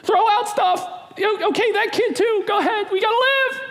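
A man playing shrill panicking fear. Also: moderate pace, gravelly, a bit bright, in a large hall, exaggerated voice. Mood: frantic. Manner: shrill, frantic, self-centered. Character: panicking fear personified as a selfish screaming man.

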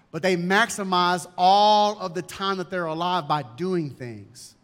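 A man's voice: sits high, fairly bright tone. A male pastor preaching a sermon emphatically and asking rhetorical questions, in a church. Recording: long hall reverb.

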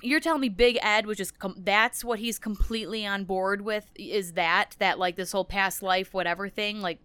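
A woman talks in a casual, blunt and profane way, co-hosting a recap podcast. Her voice is bright and crisp. The sound is dry and close, with no room echo. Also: mid-range voice, fairly even intonation, moderate pace. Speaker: podcast co-host.

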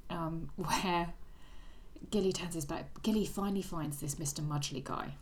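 A woman's voice: lowish voice, moderate pace. A woman co-hosting a casual book-club podcast, talking with dry, wry humour. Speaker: podcast co-host.

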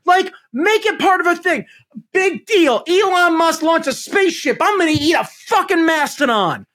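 Ranting, high-voiced, profane man. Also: expressive, moderate pace, fairly bright tone. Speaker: podcast host. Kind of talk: casual chat.

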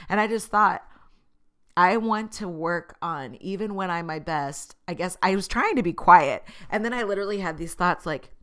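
Speaking directly to her viewers, a vlogger with a notably low-pitched voice gives a loose, reflective monologue. She's earnest and open, teasing herself with easy laughs, at a moderate pace and with a fairly bright tone.

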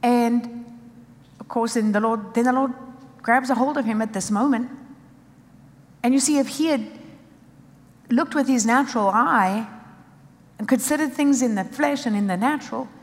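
A woman's voice: a little high, normal speed, long pauses, long reverb tail. A woman preaching a sermon with emphasis, driving points home in short repeated phrases.

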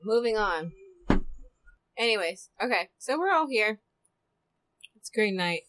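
A woman hosting a casual group chat, blunt and quick to laugh. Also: mid-range voice, very animated, fairly bright tone. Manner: laughs often, crude and blunt. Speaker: podcast host.

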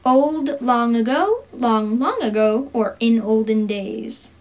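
Dry offhand woman, slightly high voice. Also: takes it slowly, darkish tone. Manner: dry, offhand, mildly reluctant. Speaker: trivia quiz partner. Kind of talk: casual chat.

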